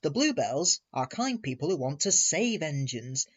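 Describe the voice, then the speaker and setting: An earnest little engine with a squeaky, fretful voice, as a man puts him on for a storybook. The voice sits well above the reader's own, with a breathy edge and soft music under a muffled recording. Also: very animated, measured pace, exaggerated voice. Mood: eager. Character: small fretful green tank engine boy.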